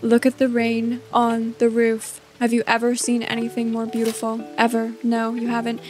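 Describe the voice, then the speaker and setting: A woman chats her way through a cozy farming game, playful and easily delighted. Her voice sits on the higher side, and soft game music hums behind her. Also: completely flat delivery, moderate pace. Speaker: let's play host. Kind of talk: casual gameplay commentary.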